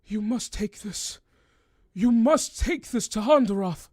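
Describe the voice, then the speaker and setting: A man's voice: high voice, lively intonation, slow, warm tone, dry recording, studio quality, pitched above the performer's own voice, heavily acted. A man voicing a wounded, dying old man who pleads for help in shaky, broken phrases. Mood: pleading.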